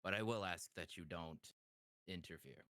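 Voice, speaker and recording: A courteous devilish gentleman, played by a man speaks low and unhurried, polite with an edge of menace. The sound is close and dry. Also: dry recording. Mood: composed.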